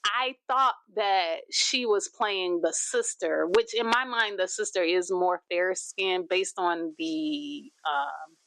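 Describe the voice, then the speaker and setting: A woman's voice: fairly low pitch, slow pace, a bit bright, no echo. Give me a woman host chatting casually over a clip, many ums, dry recording. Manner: chatty, many fillers and restarts. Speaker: reaction video host. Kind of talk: casual commentary.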